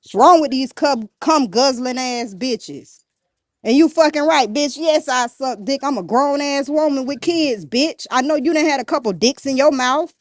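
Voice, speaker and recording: A woman's voice: high-pitched, moderate pace, no echo, studio quality. A woman guest on a podcast, ranting bluntly and defiantly, cursing and throwing insults nonstop. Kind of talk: heated rant in an interview.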